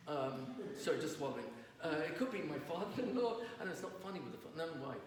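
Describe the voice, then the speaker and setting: Speaking fast with big swings in his fairly high pitch, a rabbi lectures in a lecture hall, weaving in stories and questioning the audience. The recording is distant and roomy, with a faint layer of noise.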